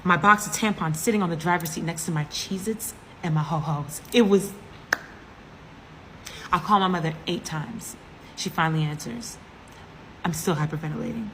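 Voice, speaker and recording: A woman telling a comedic story time, animated and dramatic, with frequent asides to the audience. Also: on the low side, normal speed, long pauses, a little hiss or hum. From US East Coast.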